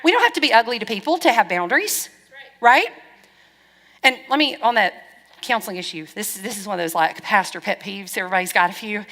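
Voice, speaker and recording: A middle-aged woman pastor preaching with a bright, forceful voice pitched a little high. She talks frankly and with wry humor, slipping into quoted back-and-forth. Her voice carries a long reverb from the church hall. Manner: lively, frank, wry storytelling with quoted dialogue. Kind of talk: sermon.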